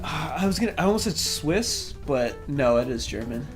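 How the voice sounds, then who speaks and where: Playful rambling young man, slightly high voice. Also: expressive, normal speed. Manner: rambling, playful, laughs often. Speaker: podcast co-host. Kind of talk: casual chat. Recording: faint guitar music behind.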